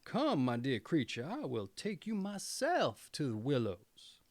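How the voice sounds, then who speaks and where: Old storybook tailor, quick to rage, exclaiming, slow with big pitch swings; a man reads him, dry sound. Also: huge pitch swings, no room sound, full character voice. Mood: scolding. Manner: wrathful, exclaiming. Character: old hot-tempered male tailor. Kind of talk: storybook reading.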